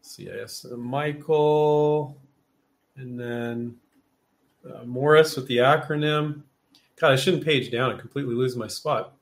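A man's voice: mid-range voice, fairly even intonation, measured pace. A man hosting a live question-and-answer show, talking loosely and chattily, full of fillers and restarts, acting out little quoted exchanges. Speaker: host answering viewer questions. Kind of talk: casual live Q&A.

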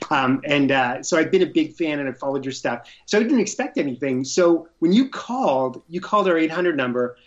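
Male entrepreneur guest, excited and rambling as he tells his story, with the sound dull and lo-fi. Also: a little high. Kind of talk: casual interview chat. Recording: muffled lo-fi sound.

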